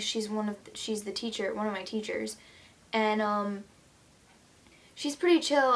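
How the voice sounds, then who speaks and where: A teenage girl ranting to the camera in a casual vlog, chatty and indignant, full of "like" and "um". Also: a little high. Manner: chatty, lots of "like" and "um"; indignant storytelling. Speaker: vlogger.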